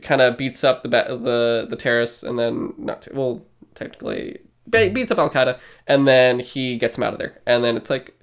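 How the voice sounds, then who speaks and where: A man's voice: medium pitch, normal speed, clear, resonant tone. A man co-hosting a podcast in casual chat, rambling loosely with plenty of fillers and swearing. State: short of breath. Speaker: podcast co-host.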